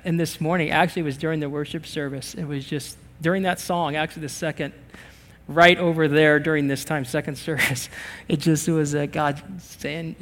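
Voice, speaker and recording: A higher-voiced man preaches in a church, his voice ringing with long reverb through the room. He tells stories with animation and acts out small back-and-forth conversations as he goes. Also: moderate pace. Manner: animated storytelling, acting out little dialogues. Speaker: pastor. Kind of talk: sermon. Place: church sanctuary.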